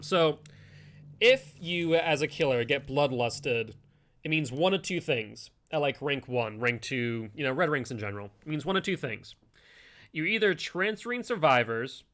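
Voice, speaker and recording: Male game streamer, crisp forward tone, casual running commentary. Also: on the high side, pushed and bright. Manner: chatty, musing aloud to chat and players. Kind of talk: gameplay commentary.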